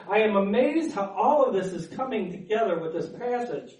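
A man's voice: sits high, animated, moderate pace, hardly any pauses, a little mellow. A man preaching a sermon as pastor, earnest, stumbling over repeated words and then building up with fervor. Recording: echoey room, mic at a distance.

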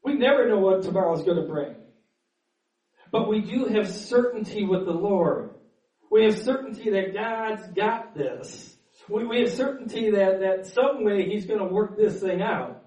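A man's voice: sits high, expressive, measured pace, a little mellow. A man preaching a sermon as pastor, earnest, stumbling over repeated words and then building up with fervor. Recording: echoey room, mic at a distance.

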